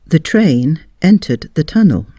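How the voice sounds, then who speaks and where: A narrator reading a period story aloud with expressive delivery. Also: mid-range voice, measured pace, no room sound, clean studio sound.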